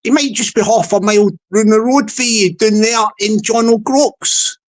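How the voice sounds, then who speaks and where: A man's voice: high-pitched, fairly even intonation, moderate pace. A man vlogging comic commentary, rambling along with many stammered restarts.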